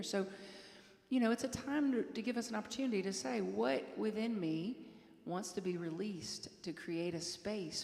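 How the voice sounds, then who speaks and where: A woman's voice: fairly low pitch, creaky. A woman minister giving a chatty Sunday talk to her congregation, storytelling with light laughs. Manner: warm conversational storytelling with laughs. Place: large hall with congregation. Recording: echoey hall reverb.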